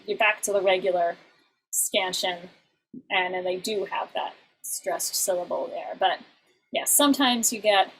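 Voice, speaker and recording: A woman teaching an online class, explaining in halting bursts and now and then breaking into short sung examples. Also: fairly low pitch, a bit bright, a little hiss or hum, rough recording.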